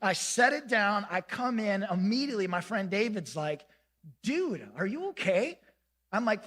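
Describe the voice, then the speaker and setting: A man preaching a sermon as pastor, telling a self-mocking story in an animated way and acting out the lines of the people in it. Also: sits high, moderate pace, in a large hall. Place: church sanctuary.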